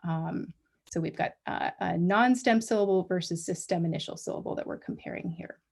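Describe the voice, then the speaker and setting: A woman delivering an academic colloquium as guest lecturer. She explains her points patiently, often pausing on ums and restarting phrases. She speaks over a livestream talk mic. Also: on the low side, vocal fry, darkish tone.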